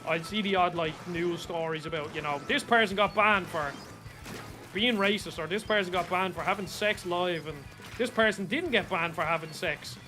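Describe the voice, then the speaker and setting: Soft music plays behind a young Irish man who streams a game and talks casually about the gameplay, cursing freely and erupting excitedly as things happen. He has a high voice and speaks at normal speed.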